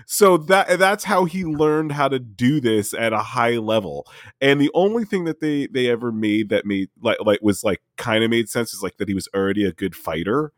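A man's voice: medium pitch, lively intonation, moderate pace, no room sound, clean studio sound. A man co-hosting a casual podcast chat, rambling with lots of fillers and casual swearing.

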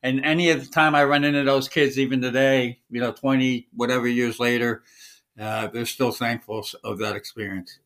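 A middle-aged man co-hosting a podcast, with a voice of ordinary middle pitch. He talks in a relaxed, halting way and keeps stopping to restart his sentences. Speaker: podcast co-host. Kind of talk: casual conversation.

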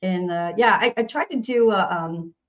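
A woman's voice: medium pitch, moderate pace, muffled recording. A singer-songwriter woman from Nashville with a Southern accent, chatting casually in an interview, laughing often and restarting her sentences. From Nashville, Tennessee.

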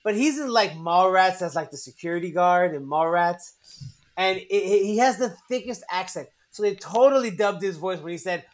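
A man hosting a podcast in casual chat, excitable, laughing often, swearing and restarting his sentences. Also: sits high, normal speed. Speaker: podcast host.

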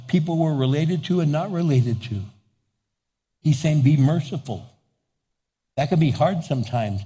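A man's voice: on the high side, dark tone, big-room sound. A man preaching a sermon as pastor, playful, acting out little dialogues and laughing often.

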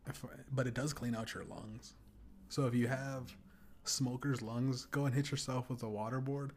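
A man's voice: mid-range voice, steady tone, moderate pace, slight background noise. A young man hosting a podcast, telling crude, rambling stories and laughing often. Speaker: podcast host. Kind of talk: casual podcast rant.

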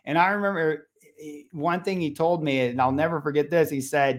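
Animated middle-aged man telling a story. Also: a little high, fast talker. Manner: animated, acts out voices in his stories. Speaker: podcast guest, parenting coach. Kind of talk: conversational storytelling.

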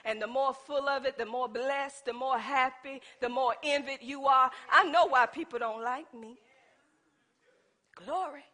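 A woman preaching a sermon in church, shouting some lines and dropping to soft asides. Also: high voice, fairly even intonation, moderate pace, few pauses.

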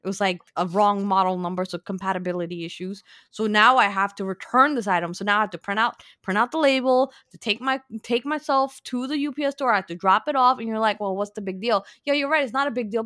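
A woman telling a story in casual chat, animated and acting out both sides. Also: medium pitch, no echo, clean studio sound. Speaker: podcast co-host.

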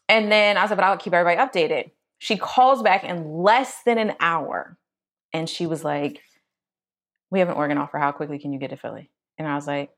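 A young adult woman co-hosting a podcast, telling a personal story in casual chat and acting out quoted voices. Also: gravelly. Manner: animated, acts out quotes in a high voice. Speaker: podcast co-host.

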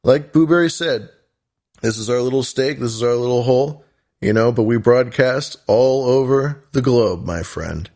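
A man's voice: medium pitch, moderate pace, a little mellow. A man co-hosting a call-in podcast, rambling goofily in casual chat. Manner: goofy, rambling. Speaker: podcast co-host.

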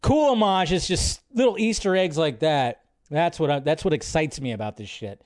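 Excitable, chatty male stream host. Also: fairly high pitch, moderate pace, background noise. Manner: excitable, swears freely, chatty asides. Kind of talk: casual live-stream commentary.

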